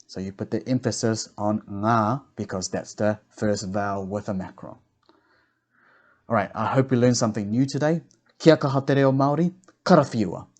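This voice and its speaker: A man teaching pronunciation, slowly enunciating sounds and words for the listener to repeat. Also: on the low side, a little mellow. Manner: slow, deliberate, carefully enunciated drilling. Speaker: language teacher. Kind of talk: pronunciation lesson.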